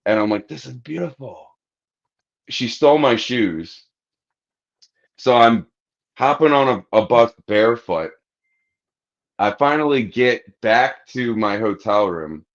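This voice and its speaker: A man's voice: fairly low pitch, animated, slow pace, long pauses. A man on a podcast telling a rambling, crude anecdote in casual chat, acting out the lines of the people in it. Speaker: podcast host. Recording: dull lo-fi podcast audio.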